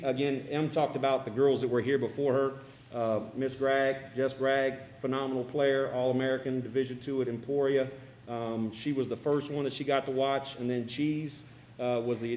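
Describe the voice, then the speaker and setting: Middle-aged man, halting and emotional, everyday mid-pitch voice. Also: a little hiss or hum. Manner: halting, choked up. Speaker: parent giving a speech. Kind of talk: emotional tribute speech. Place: school cafeteria.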